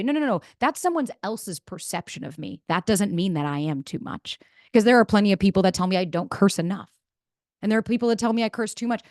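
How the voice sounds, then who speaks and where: A woman, giving a blunt, animated motivational talk as a podcast host and swearing freely. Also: mid-range voice, no echo, clean studio sound.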